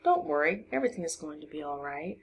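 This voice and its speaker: A woman's voice: deep voice, very animated, quick pace, creaky, a little hiss or hum, exaggerated voice. A woman voicing a determined young girl who speaks firmly and plainly. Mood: reassuring.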